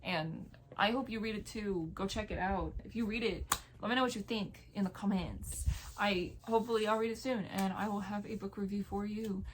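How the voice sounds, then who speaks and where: A woman's voice: medium pitch, fairly even intonation, normal speed, background noise. Woman booktuber, casual, enthusiastic, reading aloud. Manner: enthusiastic, chatty. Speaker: book vlogger.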